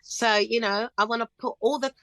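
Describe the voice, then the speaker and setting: A woman's voice: a little high, steady tone, a little fast, fairly bright tone, no room sound. A middle-aged woman talking as a guest in a casual interview, chirpy and upbeat, telling stories with animation. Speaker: guest singer.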